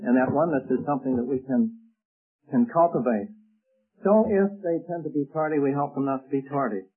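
A man's voice: fairly high pitch, breathy edge. A man preaching a sermon to a congregation, folksy and full of anecdotes, with frequent restarts. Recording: tinny phone-like lo-fi tape.

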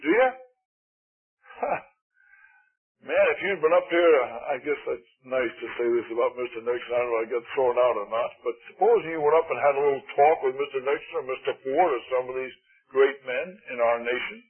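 A man preaching a sermon in a folksy, emphatic way, swinging between loud appeals and hushed asides. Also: mid-range voice, normal speed, husky. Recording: tinny lo-fi old recording.

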